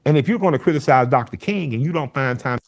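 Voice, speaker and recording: A man's voice: medium pitch, quick pace. A man making an earnest, pointed argument in an interview.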